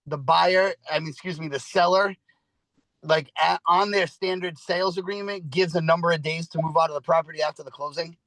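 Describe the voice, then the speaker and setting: A man's voice: fairly high pitch, steady tone, fairly quick, a bit bright, no echo, poor audio. A man co-hosting a podcast, talking in a blunt, casual way with some swearing. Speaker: podcast co-host.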